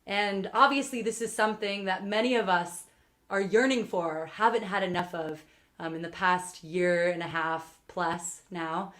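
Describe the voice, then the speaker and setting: A woman's voice: on the low side, steady tone, a little slow, a bit bright. A young woman, a singer-songwriter, chatting between songs in a livestreamed set, rambling with lots of ums and uhs. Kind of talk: between-song stage banter on a livestream. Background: guitar music.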